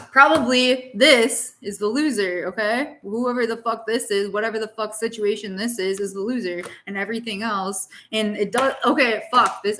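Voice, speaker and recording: A woman's voice: medium pitch, a bit bright. A young adult woman giving a casual tarot reading, talking in a blunt, profane, tough-love way. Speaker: tarot reader.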